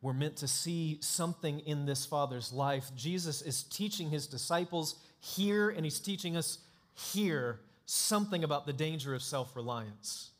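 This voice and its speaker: A male pastor preaching a sermon in an emphatic, dramatic way, swinging between hushed and loud. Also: a little high, a little slow.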